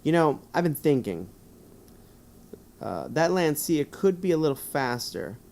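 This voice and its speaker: A man's voice: on the high side, sing-song, a little slow, gravelly, a little mellow, voice pushed up, heavily acted. A man reading the lines of a female Russian rally co-driver in a gamebook, plainly and without putting on an accent. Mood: earnest. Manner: read plainly, with no accent put on.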